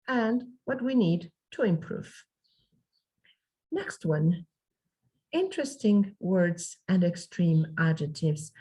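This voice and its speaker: Husky-voiced woman teaching English. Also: on the low side, warm tone, poor audio. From Mexico. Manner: explains step by step with spoken examples. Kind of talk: online language lesson.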